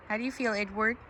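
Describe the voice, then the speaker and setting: A woman's voice: a little high, slight background noise. A young woman vlogging outdoors at a horse stable, praising her horses in sweet baby talk with lots of giggles.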